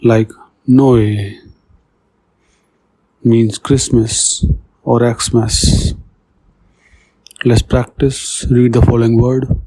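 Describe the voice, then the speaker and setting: A man teaching a French lesson, reading example words and their meanings in a steady scripted way. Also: medium pitch, takes it slowly, long pauses, slightly rough. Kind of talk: slow scripted lesson narration.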